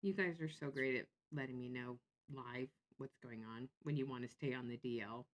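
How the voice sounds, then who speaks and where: A woman chatting on a casual livestream, sarcastic and quick to laugh as she reacts to viewers. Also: a bass voice, muffled recording.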